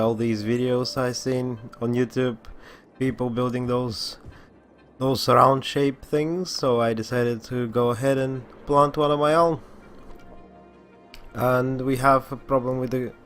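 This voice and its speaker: A man's voice: mid-range voice, level tone, slow pace, a bit bright, faint music behind. Groggy man narrating a city-building game. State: groggy morning voice. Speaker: gaming channel host. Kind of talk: casual gameplay commentary.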